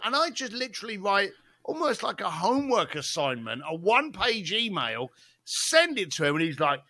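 Lively man telling a story. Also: high-pitched, moderate pace. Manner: lively, salty anecdotes with frequent laughs and asides. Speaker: interview guest. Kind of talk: animated storytelling in a podcast interview.

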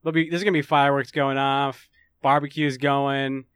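A man's voice: mid-range voice, level tone, normal speed, fairly bright tone, clean tone, no echo, studio quality. A man co-hosting a casual sports podcast, laughing often and steering the talk along. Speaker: podcast co-host.

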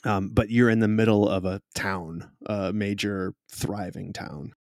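A man's voice: on the low side, steady tone, darkish tone, dry recording, studio quality. Man narrating as game master. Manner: slow, descriptive, with fillers.

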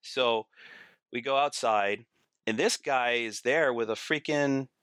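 A man's voice: medium pitch, slow pace, a bit bright, clean tone, no echo, clean studio sound. A man guesting on a podcast, telling stories casually, acting out quotes and laughing through them. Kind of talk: casual storytelling.

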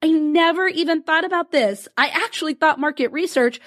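A woman voicing an excited female client who gushes with praise after a sales call, retold in a podcast. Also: sits high, brisk, voice pushed up. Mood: gushing, thrilled. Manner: effusive, breathless praise.

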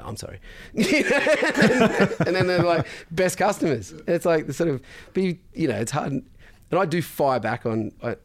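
A man, a guest in a casual interview, telling stories bluntly and swearing freely. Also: medium pitch. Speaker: podcast guest, business founder.

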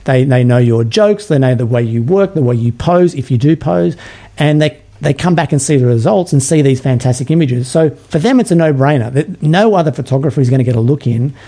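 Mellow-voiced Australian man, guest. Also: medium pitch, animated, a little fast. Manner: enthusiastic, persuasive, frequent word repeats. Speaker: podcast guest. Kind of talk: casual interview chat.

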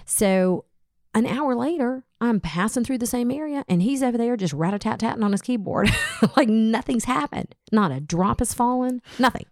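A woman's voice: a little high, moderate pace, no room sound, studio quality. A woman co-hosting a radio show, telling stories in casual chat and acting out the quotes. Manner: animated storyteller acting out quotes.

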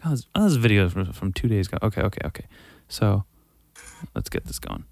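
A man hosting a podcast, ranting in a heated, profane and sarcastic way, swinging from loud outbursts to muttering. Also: fairly low pitch, very animated, quick pace, vocal fry, slight background noise. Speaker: podcast host. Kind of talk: casual profane rant.

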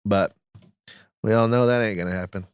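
A man co-hosting a podcast, riffing in a casual comedic chat with animated, mock-outraged rants. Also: lowish voice, moderate pace, clear, resonant tone, dry recording. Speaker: podcast co-host.

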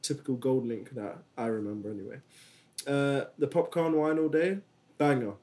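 A man's voice: mid-range voice, normal speed. A young man chatting casually as a podcast co-host, full of slang and easy laughter. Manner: relaxed, enthusiastic slangy chatter with frequent laughs. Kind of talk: casual chat.

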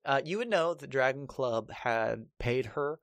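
A man's voice: medium pitch, measured pace, no room sound, studio quality. Man narrating as game master. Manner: relaxed, hesitant narration with fillers.

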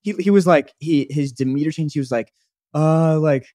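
A young man co-hosting a podcast, telling stories in a rambling, animated way with lots of fillers. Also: a little high, a little fast, no room sound. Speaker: podcast co-host. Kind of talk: casual chat.

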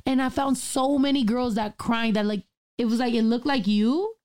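A woman with a slightly high voice, talking loudly and profanely in a relaxed chat among friends. She laughs through her stories and swears freely. The delivery is blunt and unfiltered. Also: moderate pace. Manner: loud, profane, laughing storyteller.

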